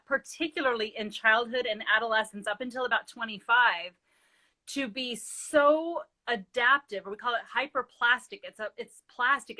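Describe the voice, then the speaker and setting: A woman's voice: a little high, pushed and bright. A middle-aged woman, a parenting expert, explaining earnestly in a live interview and telling stories with quoted dialogue.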